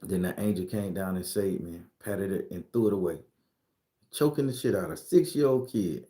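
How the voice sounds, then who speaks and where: Man, low voice, warm, profane, emphatic, spiritual predictions, roomy echo. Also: normal speed. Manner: loose, profane and emphatic, laughs often. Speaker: spiritual reader sharing predictions. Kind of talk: casual spiritual vlog talk.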